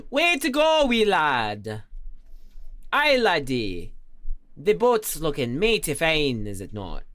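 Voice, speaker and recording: A hearty, folksy mock-Scottish fellow, as a man puts him on, cheering on his own handiwork. He sounds jokey and over-the-top, with a lively, bouncing pitch. The recording is dry and close. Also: slow pace, dry recording, heavily acted. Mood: hearty praise.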